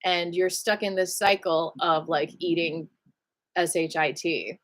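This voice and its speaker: A woman leading a live online qi gong class in a chatty, animated way, giving gentle breathing cues and greeting viewers by name. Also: on the low side, a little slow. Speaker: qi gong teacher.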